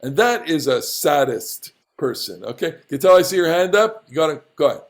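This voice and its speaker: A man's voice: on the high side, very animated, a little fast. A man teaching a Bible class, passionate and opinionated. He often stumbles over his words and restarts.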